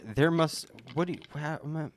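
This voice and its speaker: A man's voice: a little high, normal speed. A man in casual conversation as a podcast co-host, enthusiastic and sweary, often restarting his sentences. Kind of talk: casual chat.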